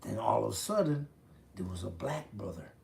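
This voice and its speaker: A man's voice: fairly low pitch, expressive, normal speed, vocal fry, darkish tone, a little hiss or hum. A man in his fifties from the Chicago area, telling his own prison story in a blunt, profane, street-talk way. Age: 50s. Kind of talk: casual storytelling.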